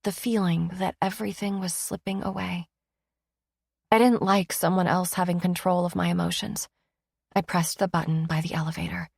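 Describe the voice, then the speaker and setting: A woman's voice: on the low side, little pitch movement, moderate pace, gravelly, a little mellow, husky, no room sound, clean studio sound. Woman narrating a romance audiobook. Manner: emotive, intimate first-person reading.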